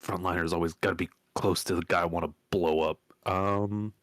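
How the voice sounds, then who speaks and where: Deep-voiced chatty man at a game table. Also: fairly even intonation, moderate pace, fairly bright tone, dry recording, clean studio sound. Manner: chatty, self-deprecating, apologetic. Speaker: player. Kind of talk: casual game chat.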